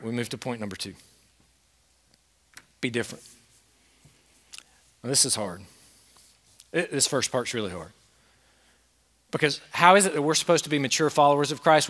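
High, bright-voiced preaching man. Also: big-room sound. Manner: earnest, emphatic preaching with rhetorical questions. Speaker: pastor. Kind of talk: sermon. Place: church sanctuary with a masked congregation.

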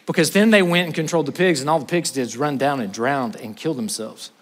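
A male pastor preaching a sermon, telling the story with animation and swinging from loud passages to hushed ones. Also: a little high, quick pace. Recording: reverberant hall.

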